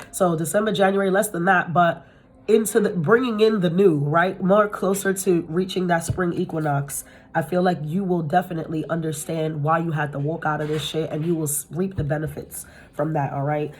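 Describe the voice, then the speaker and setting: A woman's voice: fairly low pitch, steady tone, moderate pace, slightly rough. A woman giving a casual tarot reading to her viewers from home, talking bluntly, swearing freely and laughing often. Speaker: tarot reader. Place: at home with pets nearby.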